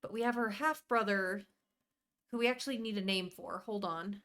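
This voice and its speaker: A woman's voice: medium pitch, normal speed, a bit bright. A woman live streaming as she plays a game, chatting casually, rambling through details and greeting viewers by name. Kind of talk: casual live-stream chat while playing.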